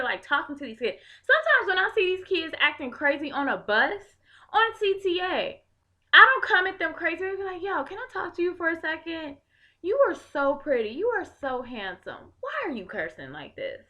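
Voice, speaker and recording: Young woman, from Chicago, high bright voice, fiery political vlog rant, blunt, curses. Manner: heated, blunt, swears freely. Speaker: video blogger. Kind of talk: impassioned political rant to camera.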